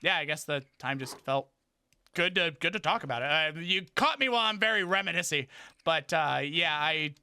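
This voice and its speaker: A man with a bright, forceful voice chats casually on a gaming livestream, rambling and halting as he restarts his sentences. He breaks into high, startled yelps when something in the game surprises him. The recording is dry and close, with no room sound. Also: clean tone, no echo. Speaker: gaming streamer.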